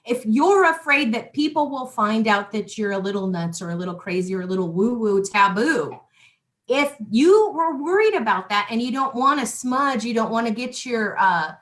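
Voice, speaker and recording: A woman's voice: a little high, moderate pace. A middle-aged woman hosting a spiritual talk show. She chats casually and with animation, restarting sentences and throwing asides to her listeners. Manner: chatty and animated, with lots of restarts and asides to the audience. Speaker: host.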